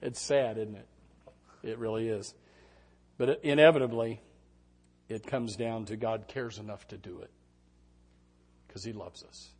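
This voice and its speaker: A middle-aged man preaching a sermon, telling stories with sudden shouted quotes. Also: on the low side, unhurried, long pauses, husky. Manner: animated storytelling with shouted quotes. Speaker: pastor.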